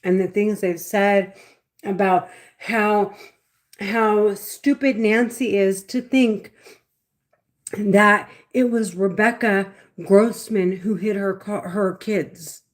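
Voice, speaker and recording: A woman speaking in an agitated, repetitive monologue, swinging between fast bursts and low mutters. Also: fairly even intonation. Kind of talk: casual monologue to camera.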